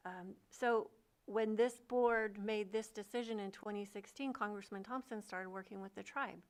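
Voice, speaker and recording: Lady supervisor at a county board meeting, bit of vocal fry, takes her time. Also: medium pitch, steady tone. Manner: measured, with frequent fillers. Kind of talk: public meeting remarks.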